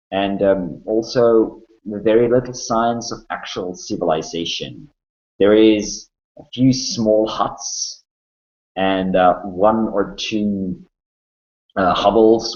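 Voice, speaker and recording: Deep slow-talking man game master. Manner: calm descriptive narration with fillers. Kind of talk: narrating a tabletop game. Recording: muffled lo-fi recording.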